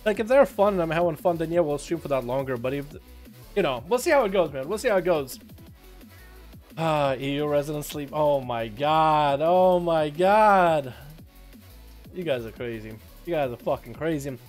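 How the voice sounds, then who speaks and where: A man's voice: fairly high pitch, animated, fairly quick, darkish tone, faint music behind. A man from Russia hosting a game livestream, calling duels play by play with jokes and casual slang. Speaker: livestream host and duel commentator. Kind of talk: live game commentary and chat talk.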